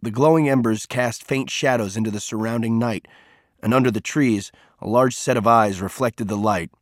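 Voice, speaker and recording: A man's voice: mid-range voice, no echo, clean studio sound. Man reading a novel aloud. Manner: steady, measured storytelling. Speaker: narrator. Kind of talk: scripted audiobook narration.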